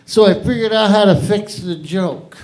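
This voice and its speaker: A middle-aged open mic host and comedian, half English and half Irish, tells a long stand-up joke at a live comedy venue with an audience. His high, slightly mellow voice moves at a moderate pace as he rambles, swears and keeps interrupting himself.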